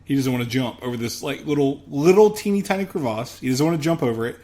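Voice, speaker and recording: Male podcast co-host, fast delivery, wry and casual. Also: mid-range voice, expressive, mellow. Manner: quick, wry asides. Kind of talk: casual movie review chat.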